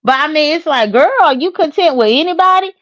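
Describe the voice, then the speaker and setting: A woman's voice: high voice, animated, a little fast, a bit bright, no echo, lo-fi sound. A woman co-hosting a casual commentary show, rambling and hesitant, with many fillers.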